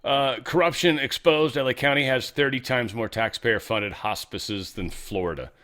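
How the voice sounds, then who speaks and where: Here a show host from California delivers offhand news commentary, ranting with sarcasm and plenty of swearing. He speaks at a moderate pace in a mid-range voice that's a bit bright.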